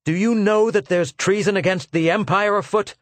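An indignant male doctor, as a male narrator puts him on, pushing his voice up high and loud. He sounds urgent and forceful. The read is close and dry. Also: expressive, measured pace, dry recording. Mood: furious. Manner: outraged, forceful.

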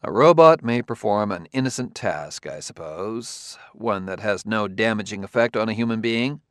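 A man's voice: on the low side, expressive, moderate pace, a bit bright, no echo, studio quality. A man voicing an insistent adult male detective who presses his questions methodically, read as an audiobook character.

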